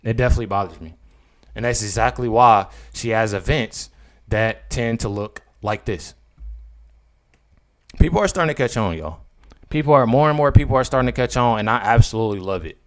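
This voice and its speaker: A political commentary vlogger with a mid-range, lively-intoned voice talks briskly in casual commentary for his vlog. He rambles and repeats himself, addressing his viewers as "y'all."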